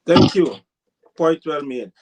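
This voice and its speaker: A man's voice: fairly high pitch, expressive, takes it slowly, a little hiss or hum. Hesitant male host. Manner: hesitant, stammers at the start. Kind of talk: political discussion.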